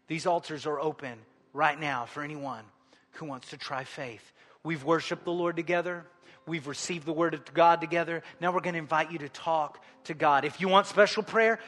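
High bright-voiced male preacher. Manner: swings from hushed appeals to loud exhortation. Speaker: pastor. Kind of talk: sermon. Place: large church sanctuary. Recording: long hall reverb.

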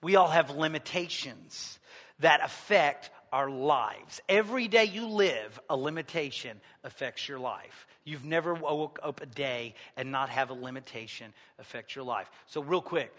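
A high, bright-voiced male pastor, preaching a sermon. His delivery is conversational and jokey, rising to loud emphasis and dropping to near-murmured asides. The sound carries a long reverb, like a large church sanctuary. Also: animated, moderate pace. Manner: conversational preaching with jokes, swinging from loud to quiet.

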